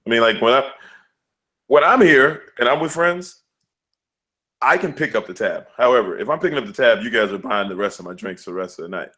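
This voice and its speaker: A man's voice: medium pitch, a little fast. A man co-hosting a casual podcast, telling stories in a loose, slangy way and acting out the people in them. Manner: loose, slangy storytelling with animated quoted voices. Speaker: podcast co-host. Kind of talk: casual sports and news podcast chat.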